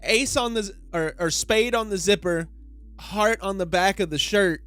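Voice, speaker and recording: A man hosting a casual manga reaction, excitable and breaking into loud bursts. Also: sits high, moderate pace, dry recording, faint music behind.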